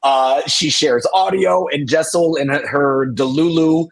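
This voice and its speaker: A man's voice: fairly high pitch, unhurried, vocal fry. A man hosting a casual live recap panel, chatty and gossipy, who laughs often between remarks. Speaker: podcast host.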